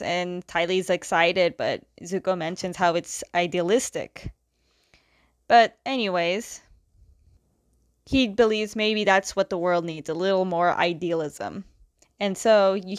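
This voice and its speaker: A woman recaps a story in a loose, chatty way, constantly acting out scenes with "he's like" quotes, like a comic recap talker. Her middle-pitched voice is recorded dry and close, clean with no echo.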